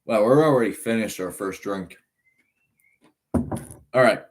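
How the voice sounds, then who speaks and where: A nineteen-year-old man from Ireland, but his accent sounds American. He chats on a live stream in an unhurried, rambling way, reading out comments and padding his talk with fillers. His voice sits a little low, and his pace is slow and drawn out. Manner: laid-back, rambling, reads chat aloud, frequent laughs and fillers. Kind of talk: casual live-stream chat.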